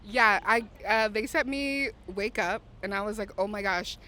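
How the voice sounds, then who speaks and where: Woman, radio host, enthusiastic, bubbly, bright, fairly high voice. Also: a little slow. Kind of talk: casual interview. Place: outdoors backstage at a festival.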